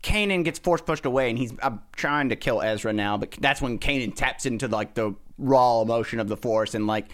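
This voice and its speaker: A man's voice: mid-range voice, a little fast, few pauses. A man hosting a fan after-show, casually recapping an episode and acting out lines with a laugh. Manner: animated retelling, acts out quoted lines with a laugh.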